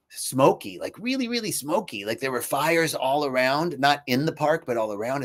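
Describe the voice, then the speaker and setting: A man hosting a live stream, telling a personal story in an earnest, reflective way and often correcting himself as he goes. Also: medium pitch.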